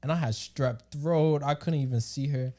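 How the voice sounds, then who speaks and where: A young man co-hosting a podcast, telling stories in a relaxed, expressive chat. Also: a little high, moderate pace. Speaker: podcast co-host. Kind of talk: casual chat.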